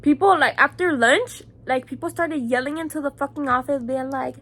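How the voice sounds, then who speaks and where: A woman's voice: sits high, normal speed, few pauses, a bit bright. A young woman with a Chicago accent telling a heated, profane storytime vlog, packed with "like" fillers. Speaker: vlogger.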